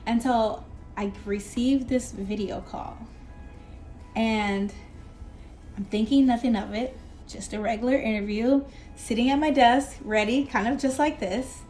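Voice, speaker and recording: At her desk, a young woman tells an excited storytime vlog, animated and exclamatory, breaking into laughs and squeals. Her voice is a little high and unhurried, with faint music playing behind her.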